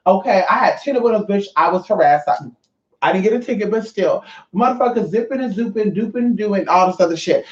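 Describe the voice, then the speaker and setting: A woman's voice: mid-range voice, animated, brisk. Brash, profane woman ranting in a roomy space. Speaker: vlogger. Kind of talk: casual rant to viewers. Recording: roomy, dull lo-fi sound.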